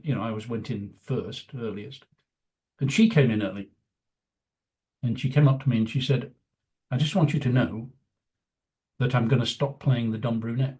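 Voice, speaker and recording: A veteran news executive in his seventies tells rambling career anecdotes in a casual interview, filling them with "you know." His voice is mid-range and a little mellow.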